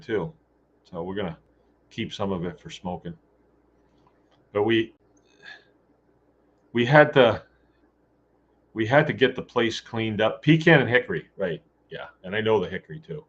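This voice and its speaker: A man hosts a casual talk show in a low voice, joking and blunt as he rambles from topic to topic. The recording sounds dull and lo-fi. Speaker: host.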